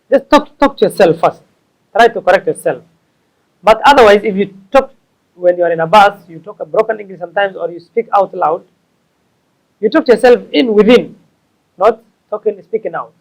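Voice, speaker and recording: Man, high voice, English lesson, repeats and corrects himself. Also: low-quality recording. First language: Somali. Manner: slow, repetitive, stops to correct himself. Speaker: English teacher. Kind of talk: explaining tips to learners.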